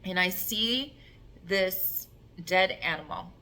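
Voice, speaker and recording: A woman telling an emotional personal story in an animated way, acting out the voices and filling her talk with "like". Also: lowish voice, slow. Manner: animated, acts out voices and cries, many "like" fillers. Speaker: self-love coach telling a personal story.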